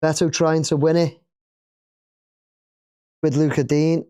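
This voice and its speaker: A man's voice: a little high, little pitch movement, slow, dark tone, smooth. A man with an English accent hosting a live football watch-along, chatting casually and cheering at the play.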